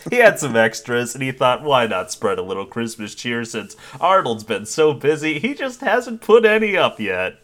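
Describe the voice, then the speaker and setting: A man's voice: mid-range voice, sing-song, moderate pace, few pauses, fairly bright tone. A man co-hosting a podcast, recapping scenes with wry jokes. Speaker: podcast co-host. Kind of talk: casual movie chat.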